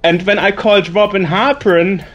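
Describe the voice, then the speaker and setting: A man with a German accent speaks with a high voice as a guest. He reminisces in a chatty, storytelling way and stumbles over words now and then. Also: moderate pace, fairly bright tone, highs cut off, faint music behind. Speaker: guest, magazine editor. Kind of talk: casual reminiscing.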